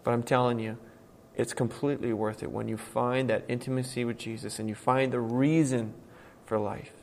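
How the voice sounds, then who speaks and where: A man's voice: medium pitch, gravelly. Earnest man preaching in a reverberant hall. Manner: earnest preaching, swings from hushed to loud and emphatic. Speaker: pastor. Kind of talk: sermon. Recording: long reverb from a large hall.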